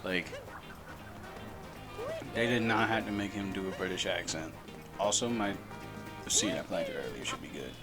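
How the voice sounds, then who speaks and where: Casual male gameplay commentator, mid pitch, rambly and giggly, loud game music underneath. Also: huge pitch swings, moderate pace, long pauses. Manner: rambling, laughing, repeats words. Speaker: gaming channel host.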